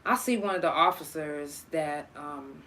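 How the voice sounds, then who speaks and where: A young woman talks through a personal story in a bright, forward voice. She is casual and profane, and she acts out each person she quotes, her own side loud and lively. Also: sits low, a little slow. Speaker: podcast host telling a story.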